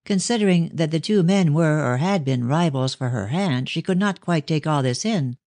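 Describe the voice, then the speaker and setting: A woman narrating a classic mystery novel in a measured, even storytelling manner. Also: sits low, no echo. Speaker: audiobook narrator.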